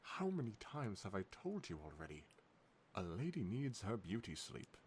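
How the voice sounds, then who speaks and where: A man's voice: on the low side, big pitch swings, moderate pace, darkish tone, a little hiss or hum. A man voicing a haughty, fancy female pony fashionista in a put-on, vaguely British accent, reading fan fiction aloud in a prim, fussy manner. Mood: scolding.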